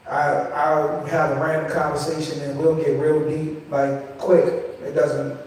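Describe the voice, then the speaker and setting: A man's voice: a little high, darkish tone. A man, a poet speaking candidly on a discussion panel in an event hall, earnest and conversational, repeating words as he goes. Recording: echoey hall, mic heard from a distance.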